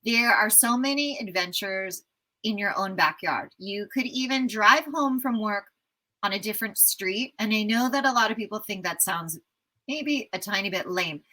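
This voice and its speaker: On a low-quality recording, an American woman in her fifties, a travel writer, tells stories as a guest in a casual interview. Her mid-range voice moves at a moderate pace, and she's an enthusiastic, animated storyteller.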